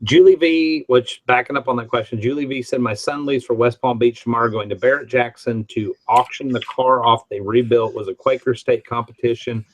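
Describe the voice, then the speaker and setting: Brisk and barely pausing, a medium-pitched man from the American Midwest chats casually on a live stream, reading viewer comments and telling rambling stories full of restarts. It's a low-quality recording.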